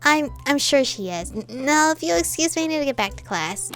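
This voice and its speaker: A woman's voice: high voice, expressive, brisk, fairly bright tone, faint music behind, pitched above the performer's own voice. A woman voicing a shy young male student who stammers and hesitates. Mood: flustered.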